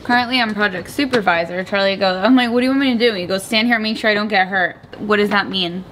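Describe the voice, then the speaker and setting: A woman's voice: mid-range voice, quick pace, fairly bright tone, slight background noise. A woman vlogging in a casual, rambling way, often saying "like" and "I feel like" while the van gets worked on at her family's house. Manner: chatty, rambling, frequent "like" and "I feel like". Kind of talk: casual vlog chat.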